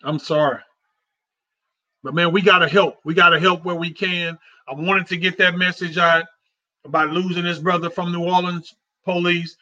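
A man's voice: high voice, flat delivery, normal speed, pushed and bright. A man hosting a casual talk show, speaking in a heartfelt, repetitive, conversational way. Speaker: host. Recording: dull lo-fi sound.

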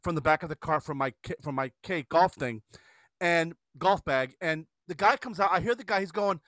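A man's voice: high-pitched, a little fast, sharp tone, no echo. A middle-aged father telling a rambling golf story in casual chat, restarting sentences and laughing.

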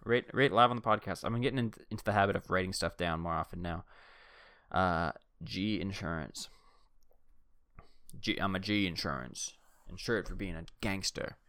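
Sitting indoors on a swivel chair, a young podcast host tells casual, rambling stories that poke fun at himself, adding jokes as he goes. He has a deep, fairly bright voice and speaks at a moderate pace, captured in a dry, studio-quality recording.

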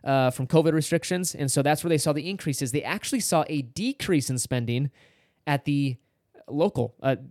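A man's voice: on the high side, normal speed, a little mellow, no room sound, studio quality. Upbeat man co-hosting a podcast. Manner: upbeat, explains figures, teasing quizmaster. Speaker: podcast co-host. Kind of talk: casual podcast chat.

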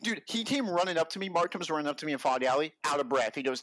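A man's voice: a little high, lively intonation, quick pace, a bit bright, dry recording. A young man telling work stories in a casual podcast chat, laughing often and swearing freely. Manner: profane, laughing, slangy storyteller. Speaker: podcast guest.

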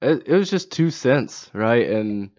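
A young man co-hosting a podcast in a relaxed, casual way, chiming in with short jokes and reactions. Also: mid-range voice, a little slow. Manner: relaxed, chimes in with short jokes and laughs easily. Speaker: podcast co-host. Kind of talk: casual chat. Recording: muffled lo-fi recording.

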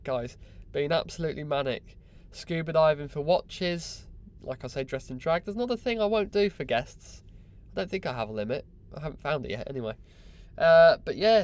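A man talking through his own podcast from a crew cabin on board a yacht. His voice sits a touch high, and his delivery is chatty, excitable and full of self-mockery. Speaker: podcast host. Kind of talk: solo podcast chat.

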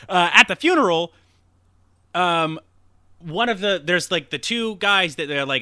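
A young man co-hosts a casual podcast, retelling a film in a loose, rambling way and slipping into the characters' lines. His voice is bright and swings widely in pitch. The sound is dry and close. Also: slow pace, long pauses, clear, resonant tone, no echo. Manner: rambling, animated retelling with acted-out quotes and swearing. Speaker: podcast co-host. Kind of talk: casual film recap chat.

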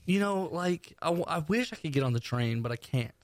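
A man co-hosting a casual podcast, talking quickly and teasing his friends. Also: a little high, dry recording. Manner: fast, teasing, animated storytelling. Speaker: podcast co-host. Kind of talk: casual chat.

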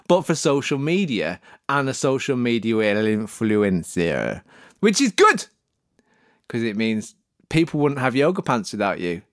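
A man's voice: mid-range voice, big pitch swings, unhurried, dry recording, studio quality. A man hosting a podcast in a comic, rambling monologue, playful and sarcastic in a mock-earnest way. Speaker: podcast host promoting an agency.

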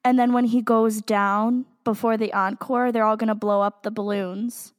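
A young woman chats as co-host of a fan podcast. Her voice sits a little high, and her talk is excitable and dramatic, with groans and swearing. The sound carries a long reverb tail. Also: normal speed. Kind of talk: casual fan podcast chat.

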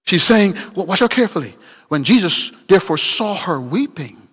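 A man preaching a sermon, swinging between loud emphatic bursts and hushed asides. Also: high voice, big pitch swings, normal speed, slightly rough, big-room sound.

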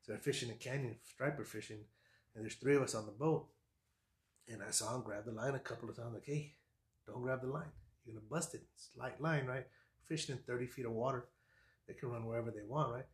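A man, a fishing guide on a podcast, telling stories in a casual, lively way and acting out what people said. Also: medium pitch, fairly quick, echoey room. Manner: animated storyteller, acts out quotes, laughs often. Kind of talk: casual storytelling chat.

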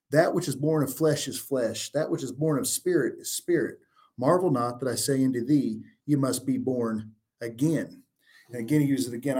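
A man of middling pitch teaches as a guest on a religious talk show. He reads old-style scripture aloud, then explains each verse in earnest, plain language. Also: darkish tone.

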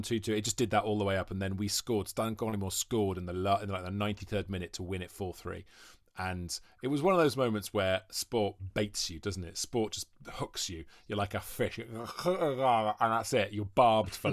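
A man in his forties from Wales, a podcast guest telling long rambling stories with quick asides in casual chat. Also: on the low side, dry recording, studio quality. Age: 40s.

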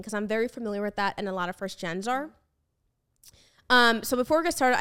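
A woman's voice: medium pitch, a bit bright, smooth. An American woman hosting a podcast, chatting casually with frequent fillers and restarts. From United States. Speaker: podcast host. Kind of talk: casual chat.

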